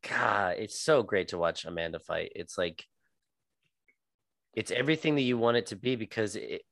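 A man's voice: fairly low pitch, moderate pace, creaky, a bit bright, no room sound, studio quality. A young man co-hosting a podcast, laid-back, announcing the next matchups and agreeing along. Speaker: podcast co-host. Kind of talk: casual fight-talk podcast chat.

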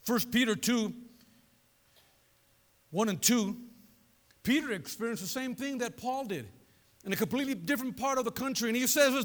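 A man preaching a sermon as pastor, animated and conversational, throwing asides to his congregation. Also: very high voice, normal speed, long pauses. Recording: long reverb of a large hall.

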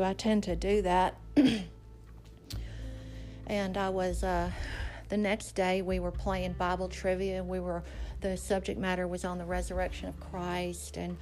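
A woman with a lowish, slightly mellow voice hosts a faith podcast. She tells a story and preaches in an emphatic, conversational manner.

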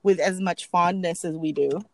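A woman's voice: fairly low pitch, moderate pace, vocal fry, dry recording. A woman telling funny family stories in a casual chat, laughing often and acting out what people said. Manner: animated, laughs often, acts out quotes. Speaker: podcast co-host.

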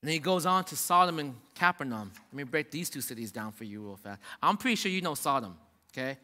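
A man's voice: medium pitch, animated, fast, sharp tone. A man preaching a sermon in a casual, emphatic way, restarting phrases and building up repeated lines. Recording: long reverb of a large hall.

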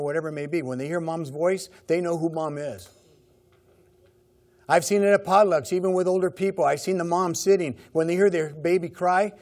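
A man's voice: high voice, darkish tone. A middle-aged man preaching a sermon in a conversational way, repeating key phrases. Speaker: pastor.

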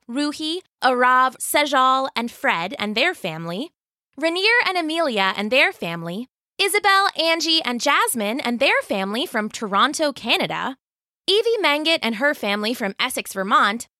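A woman's voice: sits high, very animated, normal speed, pushed and bright, no room sound. A woman hosting a kids' story podcast, reading a scripted intro in a cheerful, upbeat way on a close studio mic. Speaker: podcast host.

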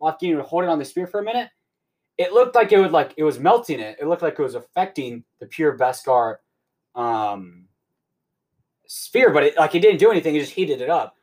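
A young man hosting a podcast, rambling excitedly through a casual recap and swearing often. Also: a little high, fairly quick. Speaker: podcast host.

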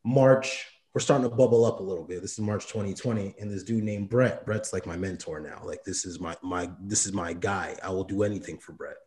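A young man tells his story in loose, slangy talk, dropping into quoted back-and-forth. His voice sits low and mellow, with no edge to it. The room around him rings with a clear echo. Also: a little fast, hardly any pauses. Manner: slangy, animated, quotes others in his own voice. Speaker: entrepreneur telling his story. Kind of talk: casual storytelling.

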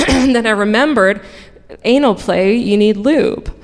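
A woman's voice: a little high, measured pace. A woman telling a frank, comic personal story live on stage, swearing freely and narrating with dry humor. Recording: reverberant hall.

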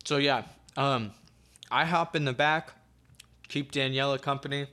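A man's voice: mid-range voice, steady tone, unhurried, pushed and bright. A young man telling a story in casual chat, loose and slangy, swearing freely and leaning on fillers. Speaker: podcast co-host telling a story.

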